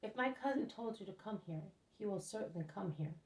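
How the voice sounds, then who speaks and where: A woman's voice: mid-range voice, expressive, a little fast, lightly acted. A woman voicing an earnest, devoted young man who pleads to follow his cousin, in a storybook reading. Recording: roomy echo, mic at a distance.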